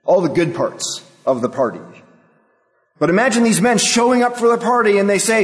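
A man's voice: high voice, expressive, fairly quick. A male pastor preaching a sermon, emphatic and full of rhetorical questions. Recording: long hall reverb.

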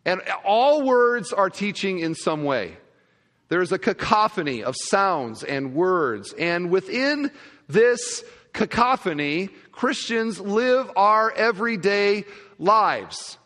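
A male pastor preaching a sermon, telling a humorous story in a conversational, animated way. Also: sits high, slow pace. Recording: long hall reverb.

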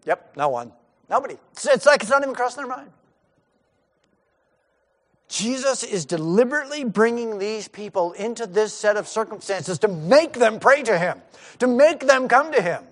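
A man's voice: very high-pitched, expressive, normal speed. A middle-aged male pastor giving a sermon in a conversational way, acting out the lines of the disciples.

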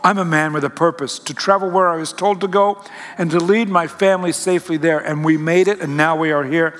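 A man's voice: a little high, steady tone, brisk, a bit bright, lightly acted. A man playing a watchful, protective father who speaks firmly and insistently. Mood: firm, resolute. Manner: firm, insistent. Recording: long hall reverb.

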